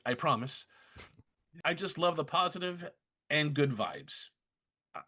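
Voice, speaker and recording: A male podcast host reads fan emails aloud to his co-hosts. His voice swings up and down with lively intonation, and he stumbles and restarts often as he goes. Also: mid-range voice. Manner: lively, halting with restarts and fillers.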